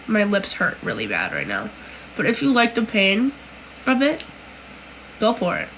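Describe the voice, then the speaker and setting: A woman's voice: mid-range voice, wildly swooping pitch, unhurried, a bit bright, slight background noise, low-quality recording. A woman from Canada hosting a casual livestream, reading viewer comments aloud and answering them in a chatty, giggly way full of "like"s and "um"s.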